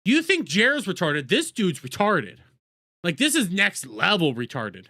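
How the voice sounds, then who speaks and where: A man's voice: high-pitched, huge pitch swings, a little slow, pushed and bright, no room sound, studio quality. A man doing crude, sarcastic reaction commentary as a streamer, mocking the people he watches.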